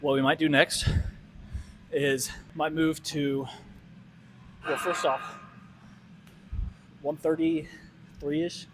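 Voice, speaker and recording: A man out of breath in a gym, talking casually to a nearby camera between his weightlifting sets in a halting, breathy way. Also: fairly high pitch, little pitch movement, noisy background. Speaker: weightlifter vlogging his workout. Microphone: camera set up nearby in the gym.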